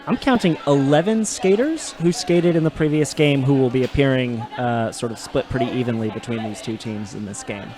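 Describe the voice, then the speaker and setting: A man's voice: mid-range voice, moderate pace, few pauses. A man with an American accent co-announcing roller derby, wry and self-deprecating. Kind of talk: live sports commentary.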